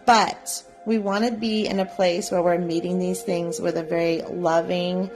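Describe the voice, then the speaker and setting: A woman teaching a live psychic development class, guiding listeners gently and often checking in with "right?". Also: lowish voice, little pitch movement, measured pace, music in the background. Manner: gentle, coaxing, repeats "right?". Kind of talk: guided live class instruction.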